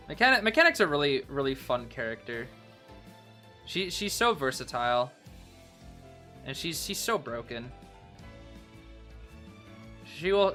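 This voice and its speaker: A young man giving casual live commentary on a tournament match as a streamer, excitable, cheering players and answering chat. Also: medium pitch.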